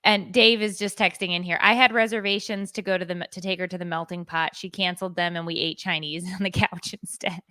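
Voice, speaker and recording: Bright-voiced woman telling a lively story. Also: lowish voice, brisk, few pauses, dry recording, clean studio sound. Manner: animated storytelling, acting out quoted voices. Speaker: podcast co-host. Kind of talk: casual chat.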